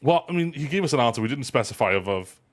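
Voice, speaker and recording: A man's voice: mid-range voice, expressive, fast talker. A man hosting a live stream roundup, chatting playfully and rambling between clips. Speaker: host. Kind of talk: casual live stream chat.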